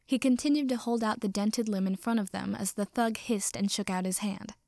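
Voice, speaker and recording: A woman reading a story aloud as narrator, in steady storytelling narration. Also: medium pitch, fairly quick, vocal fry, dry recording, studio quality.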